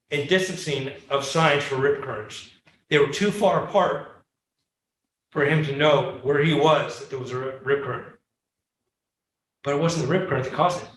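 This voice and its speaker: A man giving a storytelling lecture to a live audience on coastal science, lively and acting out the dialogue in his anecdotes. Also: fairly high pitch, normal speed, long pauses. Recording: echoey room, heard from far off.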